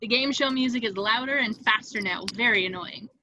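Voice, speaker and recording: A woman reads the stage directions with dramatic, expressive energy. Her voice is bright and slightly high. The sound is dry, close and a little muffled and lo-fi. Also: a little fast, no echo. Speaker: narrator reading stage directions. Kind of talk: table read narration.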